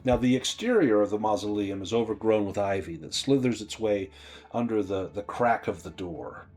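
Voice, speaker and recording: A man narrating as game master of a tabletop game, relaxed and halting. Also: on the low side. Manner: relaxed, halting, with fillers and restarts.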